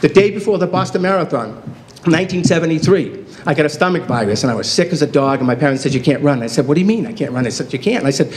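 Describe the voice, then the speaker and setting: A man's voice: a little high, lively intonation, quick pace, slight background noise. Man in his fifties telling funny stories. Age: 50s. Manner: self-deprecating, acts out quoted dialogue. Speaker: award inductee giving acceptance speech. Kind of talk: humorous storytelling speech. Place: hotel banquet hall.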